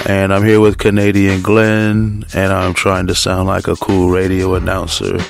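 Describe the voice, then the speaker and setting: A man's voice: sits low, completely flat delivery, moderate pace, creaky, few pauses, over music. A man hosting a casual radio talk show in a laid-back way, chuckling between remarks.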